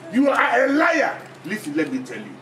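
A furious Nigerian husband who shouts commands and throws a girl out, his voice high and jumping wildly. The sound is echoey, distant and noisy. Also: huge pitch swings, moderate pace, heavily acted. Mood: angry. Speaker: aunt's husband.

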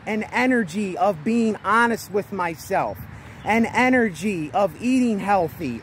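High-voiced man talking loudly outdoors. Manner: emphatic and repetitive, speaking loudly over outdoor noise. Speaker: vlogger. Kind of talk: motivational self-talk vlog. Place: outdoors near traffic.

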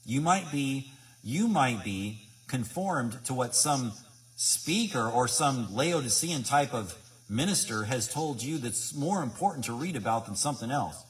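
An independent Bible teacher preaches informally to his viewers, his mid-range voice picked up by a distant mic. He is emphatic and repetitive, and his talk is full of rhetorical questions.

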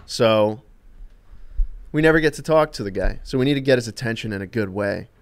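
A man with a mid-pitched, everyday voice tells funny stories on a live gaming stream. His delivery is rambling and amused, full of "uh"s, "like"s and the occasional swear. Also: animated, brisk. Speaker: streamer and co-host. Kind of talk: casual storytelling chat on a live stream.

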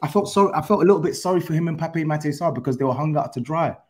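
A man's voice: fairly high pitch, rapid-fire, darkish tone. Argumentative London man on a football podcast. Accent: London English. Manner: insistent, argumentative, laughs while defending his point. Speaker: podcast panelist, Spurs fan. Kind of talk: heated football podcast chat.

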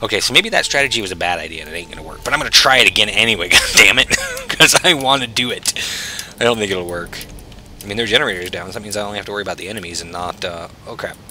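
A man's voice: low-pitched, very fast, pushed and bright, faint music behind. A man casually commenting on his own gameplay as a channel host, chatty and self-mocking, swearing freely.

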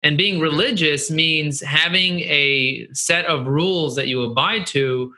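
A middle-aged man speaks in an earnest, animated way as an interview guest. His voice is bright and forward, a little higher than most men's. He repeats phrases for emphasis and talks candidly. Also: measured pace. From United States. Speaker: guest, marketing agency CEO.

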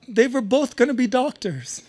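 A man's voice: extremely high pitch, animated, moderate pace, a little mellow, a little hiss or hum. A man putting on the voice of his fretful, overprotective older father, alarmed and exclaiming.

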